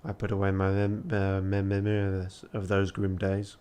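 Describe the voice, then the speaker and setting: A man's voice: low-pitched, monotone, moderate pace, darkish tone, clean tone. Tired guy reading a text game on stream, laughs at himself a lot, swears. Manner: self-mocking, laughs often, swears. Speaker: charity streamer.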